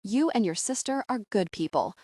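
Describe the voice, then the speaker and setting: A woman's voice: mid-range voice, expressive, moderate pace, dark tone, no room sound, studio quality, natural voice. A woman voicing a charming young French man with a French accent in an audiobook. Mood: polite. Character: young French male doctor, polite and charming.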